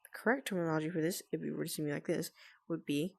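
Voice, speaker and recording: A woman talking quietly and carefully at home, explaining herself to friends with nervous laughs. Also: sits low, fairly even intonation, racing, creaky. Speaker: vlogger. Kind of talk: casual explainer talk to friends. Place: at home with family nearby.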